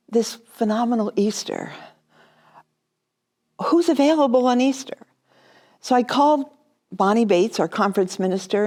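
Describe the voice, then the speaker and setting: A woman pastor speaks in a mid-range voice, neither high nor low. She tells a personal story as a devotional reflection, earnest and quietly emotional.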